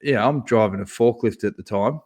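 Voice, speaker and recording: A man co-hosting a podcast, telling a long story in a lively, profane way and laughing as he goes. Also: fairly low pitch, brisk. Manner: animated, swears freely, laughs through his own story. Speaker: podcast co-host. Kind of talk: casual storytelling chat.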